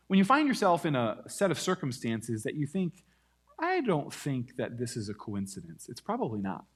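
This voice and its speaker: A man preaching a sermon, telling a Bible story with lively acted-out quotes. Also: medium pitch, breathy edge. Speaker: pastor.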